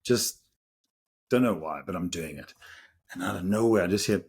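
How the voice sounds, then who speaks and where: A man's voice: low-pitched, normal speed, breathy edge. A South African man in his thirties, a podcast co-host telling a story casually, laughing often as he goes. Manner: animated, laughs through the story.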